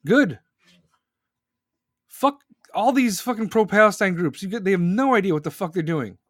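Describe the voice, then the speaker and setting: A man's voice: high-pitched, animated, moderate pace, a bit bright, no echo, studio quality. Furious, profane man ranting. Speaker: podcast host. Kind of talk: angry political rant.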